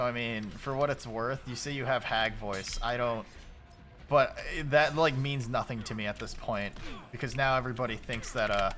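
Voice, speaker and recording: A man in his late twenties chatting casually while streaming a game, loose and profane, shouting at the game when it goes wrong. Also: mid-range voice. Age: late 20s.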